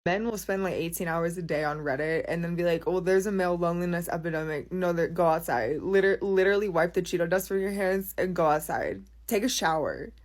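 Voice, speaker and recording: Woman doing a sarcastic rant, bit lower voice, mocking tone. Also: fairly quick, few pauses. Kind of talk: casual social media rant.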